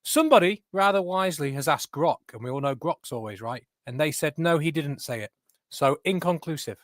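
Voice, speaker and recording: A man's voice: fairly high pitch, animated, a little fast, no echo. Sarcastic man, dry close sound. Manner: sarcastic, wry. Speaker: panelist. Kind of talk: casual chat.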